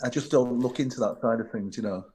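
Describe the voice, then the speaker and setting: A man in his fifties, a former bodyguard, recalling the past as a podcast guest in a quiet, earnest way, thinking aloud. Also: medium pitch, quick pace. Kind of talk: reflective interview storytelling.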